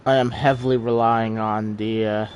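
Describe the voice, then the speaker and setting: A man's voice: on the low side, level tone, normal speed, a little mellow, a little hiss or hum. A man giving casual, self-deprecating live commentary while streaming a game, chuckling often.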